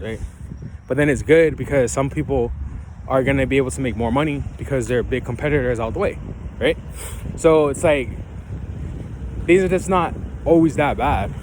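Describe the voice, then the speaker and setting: A man talks straight to the camera outdoors in a mid-pitched voice, giving loose, rambling life advice. He keeps checking in with his viewers. Faint passing cars and street noise sit in the background. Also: moderate pace, long pauses, darkish tone. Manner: loose and rambling, keeps asking "right?" and "you feel me?". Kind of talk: casual motivational talk to camera. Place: outdoors, ground with leaves.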